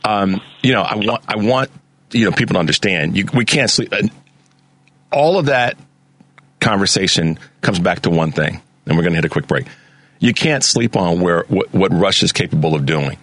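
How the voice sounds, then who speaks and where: Male radio host, very deep voice, dry studio sound, easygoing and stammery. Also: fairly bright tone, no room sound. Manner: laid-back, laughs easily, stammering restarts. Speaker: radio talk show host. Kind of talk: call-in radio talk.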